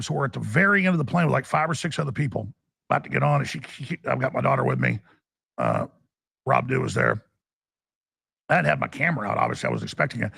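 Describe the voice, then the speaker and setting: Gravelly, rambling talk-radio man. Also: medium pitch, a bit bright, no echo, studio quality. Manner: rambling, restarts, urgent. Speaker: radio talk show host. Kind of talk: animated talk-radio storytelling.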